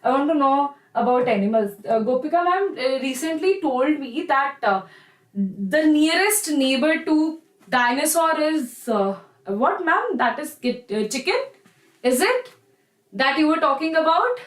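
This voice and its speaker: Over a reverberant, low-quality recording, a young woman with an Indian English accent teaches chemistry live online. Her voice is high and very animated at a measured pace, and she encourages her students warmly in a chatty style, calling them "bacha."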